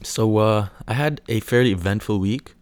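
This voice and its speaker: A man's voice: on the low side, moderate pace, darkish tone, slight background noise. A man hosting a casual solo podcast, rambling with lots of fillers, swearing and mocking impressions. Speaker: podcast host.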